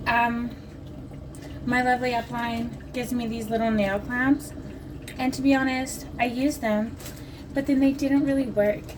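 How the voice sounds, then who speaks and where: Rambly woman vlogger at home, kinda high voice, recorded from across the room, noisy background. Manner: chatty, rambling, jokey. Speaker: vlogger selling nail strips. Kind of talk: casual chat to camera. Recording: distant mic with clear background noise.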